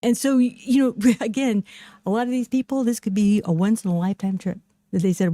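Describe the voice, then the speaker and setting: Giggly podcast lady, warm mellow voice, dry close sound. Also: medium pitch, fairly even intonation, brisk, no echo. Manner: giggly, laughs often mid-sentence. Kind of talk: casual chat.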